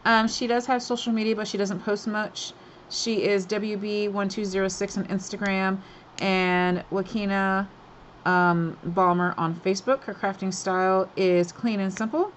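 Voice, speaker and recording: A woman's voice: medium pitch, fairly even intonation, a little slow, a little hiss or hum, poor audio. A woman hosting a craft swap, chatting casually and gushing over each item as she unboxes it, laughing often.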